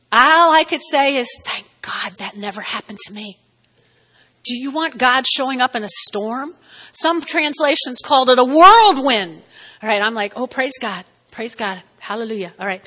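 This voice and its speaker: A woman's voice: sits high, pushed and bright, long reverb tail. A woman preaching a sermon in a chatty, playful way, acting out quotes with rising emphasis.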